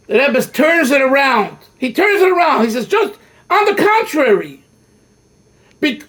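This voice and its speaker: An older man teaching a Torah class as a rabbi, talking in an animated, emphatic way and often restarting his sentences. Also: very high voice. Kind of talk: Torah lecture.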